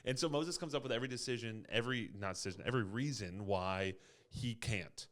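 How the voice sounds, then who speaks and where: A man's voice: medium pitch, brisk. A man leading a youth ministry talk, casually retelling a Bible story and acting out the quotes. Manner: animated storyteller, acts out quotes. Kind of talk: casual Bible teaching chat.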